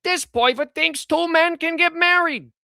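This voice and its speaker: A woman voicing a smug progressive inventor in a cartoon, lecturing and excitable. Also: very high-pitched, a little slow, vocal fry, dry recording, clean studio sound, full character voice. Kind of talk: cartoon voice acting.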